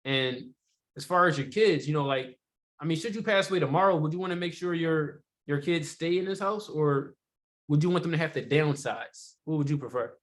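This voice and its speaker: A man teaching sales technique in a relaxed, conversational way, often checking in with rhetorical questions and filler words. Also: on the high side, fairly quick. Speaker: sales trainer. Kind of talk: casual sales training talk.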